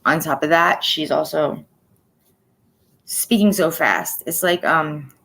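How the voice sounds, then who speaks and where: A woman in her forties giving a personal livestream update, soft-spoken and halting, often dropping to a near-whisper. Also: low voice, gravelly, low-quality recording. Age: 40s. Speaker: livestream host.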